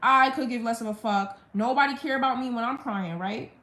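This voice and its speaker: A woman's voice: on the high side, brisk, pushed and bright. A young woman on a live stream, venting a blunt, profane storytime rant about her family. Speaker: livestreamer. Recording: roomy echo.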